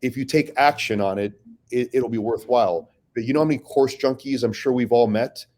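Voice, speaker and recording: A man talking as a podcast guest in casual, blunt, profane storytelling, animated and full of restarts. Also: medium pitch, brisk.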